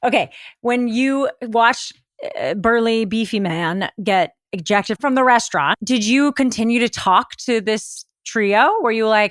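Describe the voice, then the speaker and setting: A woman's voice: on the high side, animated, a little slow, hardly any pauses, dry recording, studio quality. A woman co-hosting a podcast who reacts and asks questions in casual chat. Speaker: podcast co-host.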